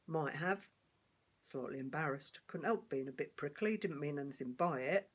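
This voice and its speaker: A woman playing a streetwise blind male beggar, telling his story in rough, colloquial speech. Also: low-pitched, normal speed. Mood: wry.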